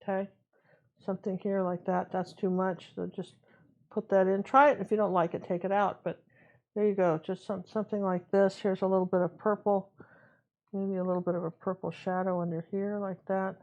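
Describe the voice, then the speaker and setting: Woman painting instructor, casual running commentary, mid-pitched, slightly muffled audio. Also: normal speed. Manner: relaxed, chatty, talks to herself while working. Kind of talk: live painting tutorial.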